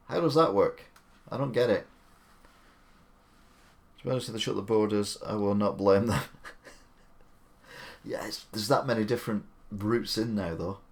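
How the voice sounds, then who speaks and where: Male streamer, slightly low voice, casual and opinionated, rambles. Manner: chatty, opinionated, rambling asides. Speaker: live-stream host. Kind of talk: casual live-stream commentary.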